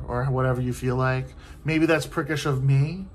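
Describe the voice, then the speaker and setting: A man's voice: fairly high pitch, fairly quick. A man talks in a loose, rambling rant from a hotel room, his voice sitting a little above the usual male range. He swears freely and sounds worn out by the topic, filling gaps with "like" and "you know." A faint television murmurs in the background. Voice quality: profane, loose, exasperated delivery with many fillers. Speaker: vlogger. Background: faint TV noise.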